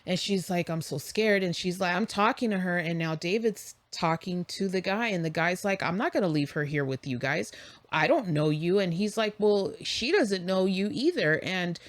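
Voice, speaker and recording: Low-voiced woman telling a story. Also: normal speed, no room sound. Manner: animated, acts out quoted dialogue. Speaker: podcast co-host. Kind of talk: storytelling in casual chat.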